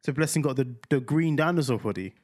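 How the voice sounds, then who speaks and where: A man's voice: medium pitch, fast talker. A young man, co-hosting a podcast in casual chat, telling stories with lots of laughter and imitated voices. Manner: animated storytelling, mimics voices, laughs often. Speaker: podcast co-host.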